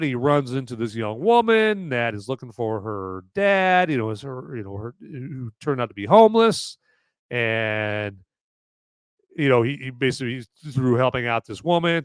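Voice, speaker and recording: Male podcast host, live movie review, rambling, swears casually, smooth clear voice. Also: medium pitch, fairly bright tone, no echo.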